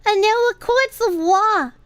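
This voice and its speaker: A woman streamer putting on a grave older male mob boss, reciting slowly and solemnly. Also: very high voice, a bit bright, dry recording, studio quality, voice pushed up.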